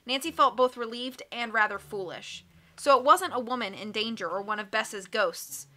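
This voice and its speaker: A woman narrating an audiobook in a clear, expressive reading voice. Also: fairly high pitch, moderate pace. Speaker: audiobook reader.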